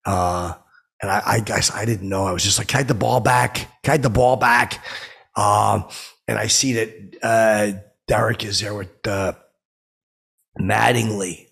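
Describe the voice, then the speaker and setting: A man's voice: on the low side, fairly even intonation, measured pace, gravelly, fairly bright tone, breathy edge, exaggerated voice. A man playing an oblivious, boastful washed-up stand-up comedian who rambles self-importantly with lots of filler. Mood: rambling boastful. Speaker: podcast host. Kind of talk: improvised comedic monologue.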